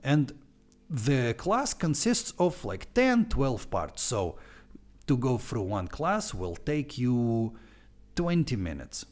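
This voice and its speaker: Animated man with a heavy Russian accent. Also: mid-range voice, slow. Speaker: online language teacher. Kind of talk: live-stream course walkthrough.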